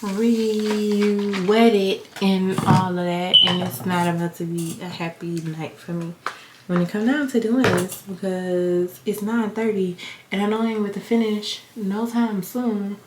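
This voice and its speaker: A woman's voice: medium pitch, little pitch movement, measured pace. A woman, a vlogger, talking tiredly to camera late at night. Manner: tired, weary. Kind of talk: casual vlog chat. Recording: echoey room with faint noise.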